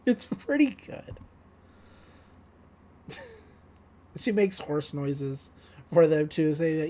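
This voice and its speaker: A woman chatting on a podcast, running through a cartoon episode beat by beat. She giggles often and drops into quick character voices for the quotes. Her voice sits at an ordinary middle pitch. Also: lively intonation, dark tone. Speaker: podcast co-host. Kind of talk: casual episode recap.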